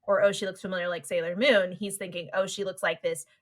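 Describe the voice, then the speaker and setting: A woman's voice: fairly low pitch, quick pace. A woman co-hosting a podcast, casually recapping an anime episode and acting out the characters' lines as she goes. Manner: animated retelling that acts out the characters' lines. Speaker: podcast co-host.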